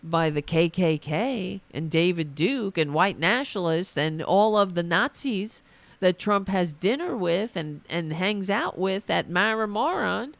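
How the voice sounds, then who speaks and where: Gravelly, indignant woman ranting slowly. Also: fairly low pitch, lively intonation, no echo. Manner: indignant, profane, repeats and restarts. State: losing her voice. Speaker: podcast host. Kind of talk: political commentary rant.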